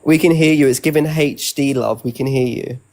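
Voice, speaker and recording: Gravelly-voiced man bantering casually. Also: medium pitch, darkish tone. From outside the US. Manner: chatty, teasing, fast slang. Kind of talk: casual live-stream banter.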